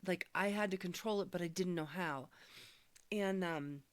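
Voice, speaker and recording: Low-voiced woman telling a heartfelt testimony. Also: moderate pace, dry recording. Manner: earnest, searching, soft-spoken storytelling. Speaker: speaker sharing a personal healing testimony. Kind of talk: reflective personal testimony.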